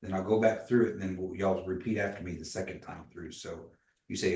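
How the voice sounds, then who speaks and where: A man's voice: low voice, steady tone, a little fast, a little mellow. Patient man teaching language class. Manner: patient, models pronunciation, tells anecdotes. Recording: echoey room, voice from a distance.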